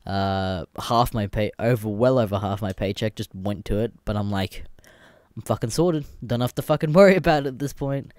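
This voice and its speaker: A fairly low, slightly mellow male voice at a normal pace belongs to a young Australian solo podcast host. Clean studio audio without room sound carries his casual, rambling chat, full of swearing and laughter.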